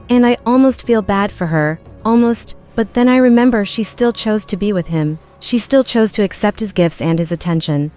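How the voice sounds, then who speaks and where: A woman recounts a personal story in the first person. She strings events together in a plain, run-on retelling at a middle pitch. Faint music plays underneath. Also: normal speed, hardly any pauses, darkish tone.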